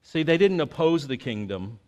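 A man with a fairly high voice gives a casual, talky sermon. He leans on fillers like "you know" and "like." He moves between lively asides and quiet, earnest reflection. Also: moderate pace. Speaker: pastor. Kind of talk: conversational sermon.

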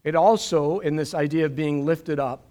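A middle-aged man preaching a live-streamed sermon from a church stage, animated, with jokey asides and repeated words. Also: fairly high pitch, normal speed. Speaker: pastor.

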